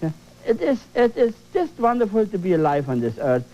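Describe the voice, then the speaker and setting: An exuberant man teaches painting on an old TV show, his high voice swinging widely as he exclaims and coaxes. The tone is mellow, and the recording is dull and lo-fi. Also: very animated, a little fast. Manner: repeats phrases for emphasis. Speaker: painting instructor. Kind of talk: televised painting lesson.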